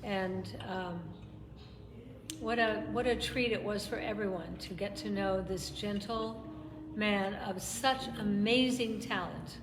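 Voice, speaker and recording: A woman's voice: mid-range voice, slow, music in the background. A woman hosting a casual chat show, effusive and affectionate in how she talks. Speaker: host. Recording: echoey hall with background noise.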